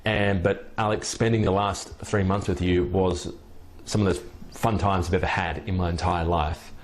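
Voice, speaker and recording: A man quoting a cheerful young woman who works as a hair model, in a relaxed, slightly lifted voice. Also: low voice, normal speed, slight background noise, voice pushed down, natural voice. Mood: apologetic.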